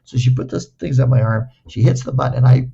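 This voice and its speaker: A man's voice: medium pitch, steady tone, fast, creaky, warm tone, husky, dull audio. An older man recovering from a stroke tells playful anecdotes, repeating words and acting out the dialogue. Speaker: guest. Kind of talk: casual anecdotal storytelling.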